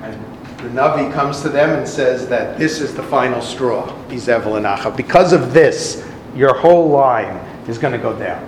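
A man's voice: medium pitch, moderate pace, roomy sound, slight background noise, rough recording. A man giving a talk, retelling an old story with dramatic flair and acting out the voices.

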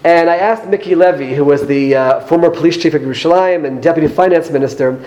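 A man with an American accent speaks to an audience and tells personal anecdotes from his time in parliament. His voice sits a little high for a man. He talks earnestly and brings in light humor as he tells each story. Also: fast, darkish tone, poor audio. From United States. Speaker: former member of parliament addressing an audience.

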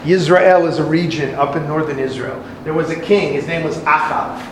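A man's voice: fairly high pitch, moderate pace, reverberant, background noise. A man giving a talk, retelling an old story with dramatic flair and acting out the voices.

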